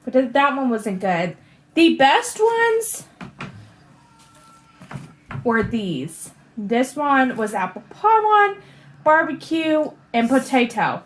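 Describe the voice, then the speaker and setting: High, unhurried woman co-hosting a vlog. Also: very animated, reverberant. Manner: unhurried, thoughtful commentary. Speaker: vlog co-host. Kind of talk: casual taste-test chat.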